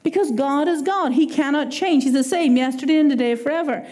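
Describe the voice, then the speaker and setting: A woman with an Irish accent preaching a sermon in a lively, conversational way, acting out little quoted exchanges. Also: high voice, a little fast.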